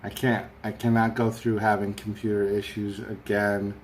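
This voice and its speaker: A man's voice: fairly low pitch, level tone, moderate pace, slight background noise. A man hosting a casual live stream chat, rambling and reading out viewer comments from his room at home. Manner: rambling, chatty, reads viewer comments aloud. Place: home room with a fan running.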